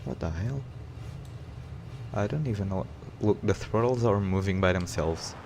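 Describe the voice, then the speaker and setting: A man streaming flight simulator gameplay, excitably commenting on his flying and talking to chat. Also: low voice, normal speed, gravelly, a little hiss or hum, rough recording.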